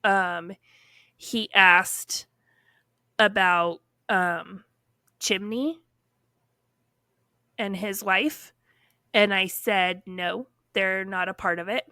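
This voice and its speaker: A woman telling a personal story on a podcast in a casual, animated way, full of fillers and acted-out quotes. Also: mid-range voice, drawn-out words, long pauses, no room sound, clean studio sound.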